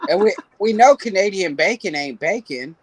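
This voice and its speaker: A man with a high voice who rambles through stories and crude jokes in casual chat. His voice sounds close and dry, with no room around it. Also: animated, normal speed, no room sound.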